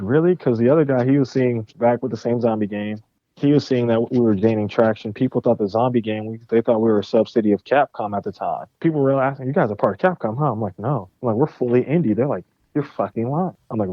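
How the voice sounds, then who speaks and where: A young man, a game studio founder and podcast guest, telling a story with animated, profane energy and acting out both sides of the conversations. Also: medium pitch, no room sound, highs cut off. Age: young adult.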